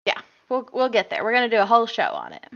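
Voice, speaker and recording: A woman's voice: on the high side, wildly swooping pitch, quick pace, creaky, fairly bright tone, muffled recording. A woman co-hosting a casual live-stream chat, teasing and laughing often. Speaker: co-host.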